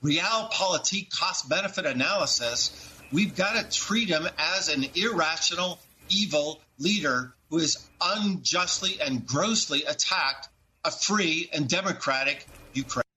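Emotional man analyst, bright tense voice. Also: fairly high pitch, unhurried, slight background noise, poor audio. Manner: emotional, earnest, repeats words. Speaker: TV news analyst. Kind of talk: televised commentary.

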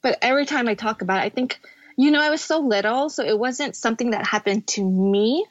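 A woman's voice: on the high side, dry recording. Candid woman guest, slightly muffled. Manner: candid, tearful at times, halting. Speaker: podcast guest. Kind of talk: emotional personal storytelling.

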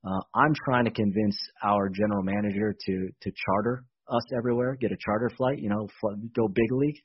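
A man explains things in an animated, casual way and often repeats himself. His voice is husky and slightly rough. The sound is dull and muffled, like a radio broadcast. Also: on the low side, fairly quick. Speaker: baseball team executive guest.

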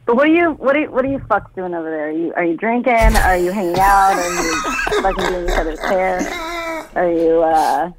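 A woman's voice: lowish voice, huge pitch swings, brisk, heavy background noise. A young woman calling into a comedy show, brash and profane, laughing often. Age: young adult. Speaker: caller. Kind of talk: crude comedic call-in banter.

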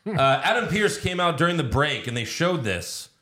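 A man hosting a podcast, recapping events in casual chat with an animated storytelling manner. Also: a little high, normal speed. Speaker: podcast host recapping wrestling.

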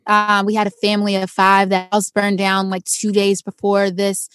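A young adult woman, an actress and stuntwoman, telling her story in a casual interview and acting out quoted voices with big jumps in pitch. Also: completely flat delivery, moderate pace, fairly bright tone, clean tone, no echo, studio quality.

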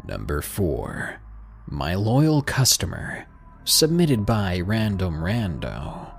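A man's voice: deep voice, sing-song, slow pace, vocal fry, soft background music. A man reading out a submitted story as scripted narration, with a dry, sardonic manner.

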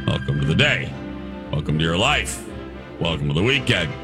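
A man hosting a morning radio show, chatting in a playful, jokey way with drawn-out exclamations. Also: deep voice, very animated, music in the background. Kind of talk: casual morning radio banter.

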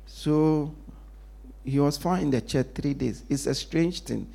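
A man preaching a sermon in call-and-response style, dropping to a hush to stress a point and asking the congregation to complete his lines. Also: measured pace, gravelly. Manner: call-and-response preaching, lively pitch, drops to a hush for emphasis. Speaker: pastor.

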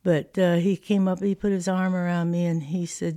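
A woman in her eighties from California, telling stories from her childhood in a lively, anecdotal way. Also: lowish voice, normal speed, dry recording, clean studio sound. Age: 80s. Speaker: interviewee. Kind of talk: personal storytelling.

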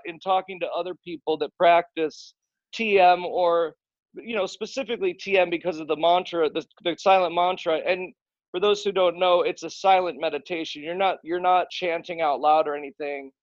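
A man with a somewhat high voice chats loosely on a podcast, often restarting his sentences and swearing casually. The sound is dry, close and a little muffled. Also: fairly even intonation, moderate pace, dry recording. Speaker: podcast guest, musician.

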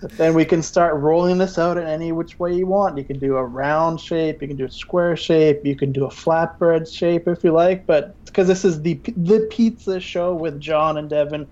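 A man's voice: on the high side, normal speed, a little mellow, dull audio. Chatty man doing a playful mock cooking demo. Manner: playful, rambling with many fillers. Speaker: guest cook. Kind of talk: improvised mock cooking show chat.

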